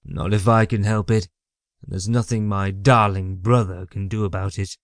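A man's voice: lowish voice, steady tone, normal speed, dry recording, studio quality, natural voice. A man voicing an arrogant trickster god who sneers and hisses his threats. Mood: sneering. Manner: sneering, hissing.

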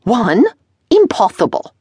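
A woman's voice: lowish voice, wildly swooping pitch, slow, darkish tone, breathy edge, no echo, clean studio sound, voice pushed up, full character voice. A woman voicing a fussy, flamboyant middle-aged male dressmaker in an audiobook, with a theatrical, gushing manner. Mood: indignant.

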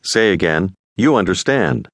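A man narrating a scripted audio language lesson, giving clear, patient instructions. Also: low-pitched, animated, a little slow, no echo, clean studio sound.

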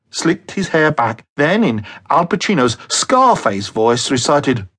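A man narrating a comic audiobook in a lively, measured storytelling manner. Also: medium pitch, breathy edge.

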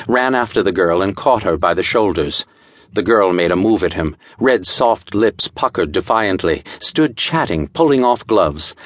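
A man narrating an audiobook in a measured, dramatic storytelling style, recorded close to a studio mic. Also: fairly low pitch, a bit bright, no echo. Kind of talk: scripted narration.

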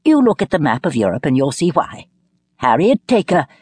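A prim, snobbish middle-aged mother in an audiobook, primly correcting and looking down her nose, as a woman narrator voices her. The breathy voice rises and falls lively, and the recording is close and dry. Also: low voice, normal speed, no echo, full character voice.

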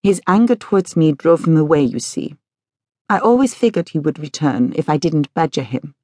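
A gentle elderly woman with an Austrian German accent speaks softly and earnestly, as a woman reads her part in an audiobook. The sound is dry and close, with no room around it. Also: deep voice, lively intonation, moderate pace, no echo. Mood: wistful.

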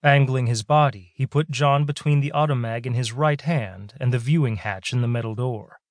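A man narrating a science fiction audiobook in a steady, measured way. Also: mid-range voice, dry recording, studio quality. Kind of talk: scripted sci-fi narration.

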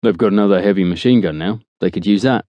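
A man voicing a big, calm male soldier who mutters his replies. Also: low voice, fast talker, dry recording, lightly acted.

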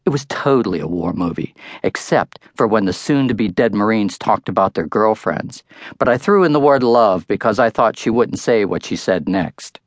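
A man's voice: fairly low pitch, lively intonation, normal speed, dry recording. An older man narrating his own book in a wry first-person storytelling manner, close to the mic. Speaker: author-narrator. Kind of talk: audiobook narration.

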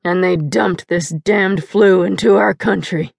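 A drunk middle-aged farmer speaks in a slurred, gravelly voice, low and flat, put on by a woman narrator. The sound is dry and close, as in an audiobook. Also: unhurried, dry recording, heavily acted. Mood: grim. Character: drunk grim farm father, middle-aged man.

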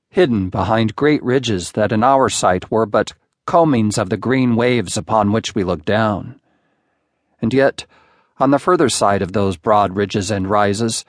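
A man narrating a classic short story in a measured, unhurried audiobook reading on a close studio mic. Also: lowish voice, no echo.

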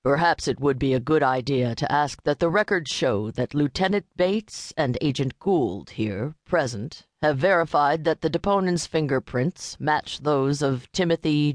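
A smooth-talking male lawyer, as a woman reader voices him, crooning and stretching every syllable. Close, dry audiobook sound with no room around it. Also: sits low, a little slow, no echo.

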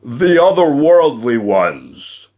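A male narrator voices a towering giant who booms his taunts, raised and loud above the narration. He mocks and scorns his foe in an audiobook scene. The delivery is slow and weighty. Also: big pitch swings. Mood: scornful. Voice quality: booming. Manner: mocking, taunting. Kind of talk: audiobook character voice.

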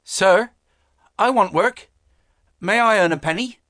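A man's voice: high-pitched, measured pace, sharp tone, no room sound, studio quality, voice pushed up. A man voicing a poor, earnest teenage boy in an audiobook, giving short, respectful answers. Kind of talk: audiobook character voice.

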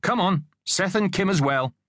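A man's voice: sits high, animated, moderate pace, a bit bright, dry recording, studio quality, pitched above the performer's own voice. A man voicing a cheeky teenage joker boy. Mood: joking. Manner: sarcastic, wisecracking.

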